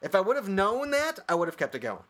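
A man co-hosting a casual podcast, rambling and animated, swearing now and then. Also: sits high, a little fast. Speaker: podcast co-host. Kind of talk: casual chat.

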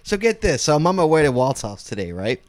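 Lively, laughing man chatting. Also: fairly high pitch, fast. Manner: laughs often, animated storytelling with restarts. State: hiccups. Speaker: podcast co-host. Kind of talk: casual chat.

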